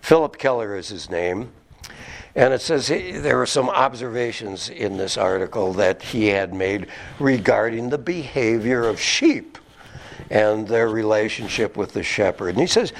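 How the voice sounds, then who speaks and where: Man, pastor, sermon, lowish voice, slow emphatic scripture reading, conversational explanations. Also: lively intonation.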